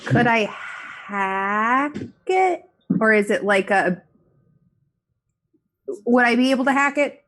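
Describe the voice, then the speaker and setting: A woman's voice: fairly high pitch, lively intonation, slow, pauses often, a bit bright. A woman playing a tabletop game who makes gloomy, dramatic asides. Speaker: player.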